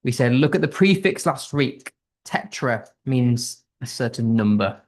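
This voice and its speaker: A man's voice: mid-range voice, lively intonation, unhurried. A man with a British accent teaching an online English class, upbeat and thinking aloud as he reads out quiz answers. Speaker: English tutor.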